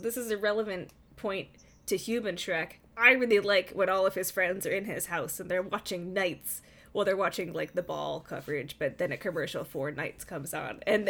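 A woman chatting casually about a film, animated, dropping into quieter asides. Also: mid-range voice, moderate pace. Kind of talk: casual chat.

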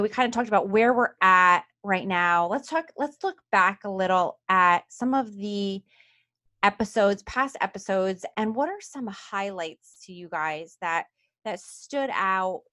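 A woman hosting a podcast, chatting with enthusiasm and growing animated when excited. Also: medium pitch, dry recording, clean studio sound. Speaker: podcast host. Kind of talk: casual chat.

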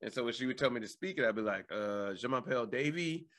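Bright-voiced man, playful and jokey. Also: on the low side, quick pace. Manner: playful, jokey, laughs while telling stories. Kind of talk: casual chat, personal storytelling.

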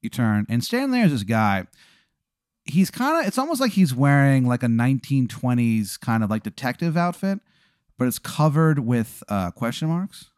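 A man telling a loose, improvised comedy story to a guest, stumbling over fillers as he goes. His pitch rises and falls in lively swings, and the sound is dry and close. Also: normal speed, dry recording. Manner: rambling, full of fillers and restarts. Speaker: podcast host posing a hypothetical.

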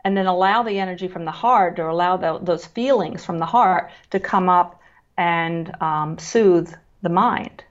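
Calm measured woman, slightly dull audio. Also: lowish voice. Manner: calm, measured, with frequent fillers and restarts. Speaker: guest who works with children on emotions. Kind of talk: explanatory interview talk.

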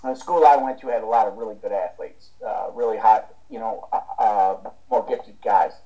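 A man's voice: on the low side, moderate pace, dark tone, rough recording. A man from the United States, a strength coach talking as a guest in a casual interview, rambling with many restarts and fillers.

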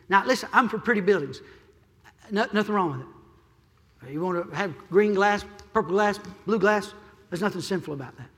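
A male pastor preaching a sermon, building from quiet pleading to loud shouting and repeating his key phrases. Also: high-pitched, a little fast, in a large hall. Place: church sanctuary.

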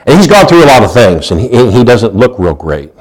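Man preaching, loud to hushed. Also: mid-range voice, fairly quick. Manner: animated preaching, swinging from loud emphasis to hushed asides; folksy storytelling with repeated restarts. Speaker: pastor. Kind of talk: sermon.

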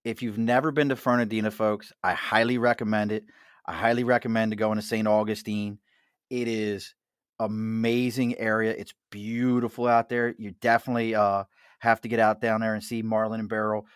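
A man's voice: lowish voice, little pitch movement, moderate pace, clear, resonant tone, no room sound, clean studio sound. A middle-aged man with a Mid-Atlantic accent, hosting a casual chat at a bar, jokey and chatty with frequent laughs. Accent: Mid-Atlantic American. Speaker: host.

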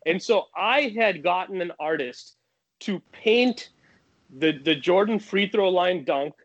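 A man telling a long personal story in casual talk, animated, with many restarts. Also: high-pitched, slow pace, muffled recording.

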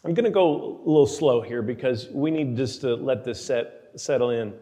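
A man preaching a sermon, emphatic, slowing down to read scripture aloud. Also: medium pitch, warm tone, in a large hall. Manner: emphatic, slows for scripture readings.

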